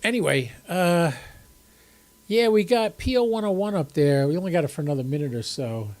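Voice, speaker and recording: A man's voice: a little high, expressive, brisk, a little mellow. An older man hosting a ham radio livestream from home, rambling casually to his chat viewers and sounding a little stuffy with a cold. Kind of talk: casual live-stream chat. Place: home room, seated on camera.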